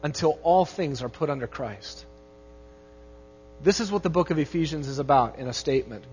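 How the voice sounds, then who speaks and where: Pastor, male, high husky voice, earnest preaching; muffled recording in a reverberant hall. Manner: earnest preaching, rising emphasis on key phrases. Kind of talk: sermon with opening prayer.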